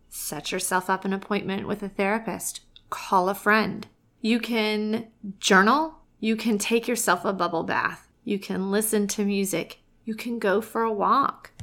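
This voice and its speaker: A woman's voice: medium pitch, a bit bright. A woman, a cancer survivor, giving a heartfelt, emphatic casual monologue and often saying "y'all" and "oh my gosh.".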